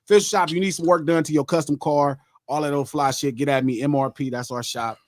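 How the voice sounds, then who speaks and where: A middle-aged man hosting a podcast, talking in a profane, animated way and arguing with himself in mock quotes. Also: a little high, fast, dry recording. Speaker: podcast host. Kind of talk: casual chat.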